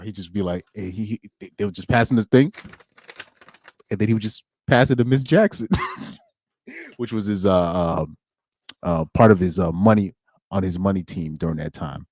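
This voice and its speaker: A man's voice: deep voice, animated, normal speed, long pauses, darkish tone, no room sound, studio quality. A young man streaming alone, chatting casually in slang, rambling and laughing as he goes. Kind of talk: casual chat.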